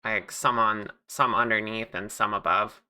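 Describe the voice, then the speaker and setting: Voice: medium pitch, fairly even intonation, a little slow, sharp tone. A livestreamer making plushies who chats casually with viewers and thinks aloud at a home streaming mic. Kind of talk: casual livestream chat while crafting.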